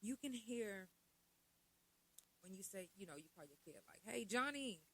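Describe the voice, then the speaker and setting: A woman's voice: mid-range voice, expressive, normal speed, darkish tone, slightly rough, rough recording. A middle-aged woman talks straight to her podcast audience in a loose, conversational way. She poses rhetorical questions and adds asides as she goes. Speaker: podcast host. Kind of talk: casual podcast monologue.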